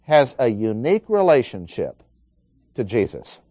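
A man's voice: mid-range voice, sing-song, a little slow, mellow, no echo, soft background music. A man preaching an expository Bible lesson, working through numbered points and reading scripture aloud.

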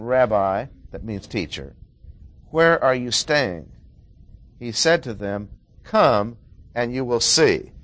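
Slow, emphatic male preacher. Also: mid-range voice, fairly bright tone. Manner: slow, emphatic, repeats key words. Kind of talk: sermon.

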